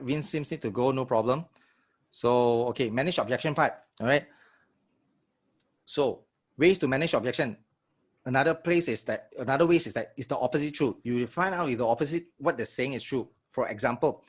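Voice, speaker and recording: Husky-voiced man teaching sales. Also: mid-range voice. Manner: energetic, checks in with audience often. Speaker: sales trainer. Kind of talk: live online workshop teaching.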